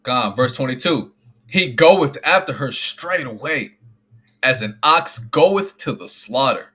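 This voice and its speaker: A man's voice: medium pitch, expressive, slow pace, sharp tone, breathy edge. A man co-hosting a casual Bible discussion, reading verses aloud, then riffing on them in loose slang. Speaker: co-host reading scripture.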